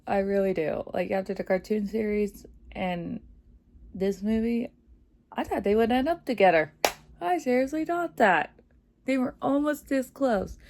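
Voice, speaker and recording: A woman giving a casual, excited movie review, chatty and full of fillers, laughing often. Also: mid-range voice, vocal fry. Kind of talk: casual spoiler review vlog.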